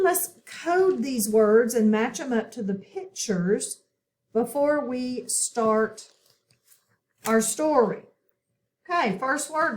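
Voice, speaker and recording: Woman, phonics teacher, slow and patient, slightly high voice, frequent check-ins. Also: roomy sound. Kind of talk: online phonics lesson.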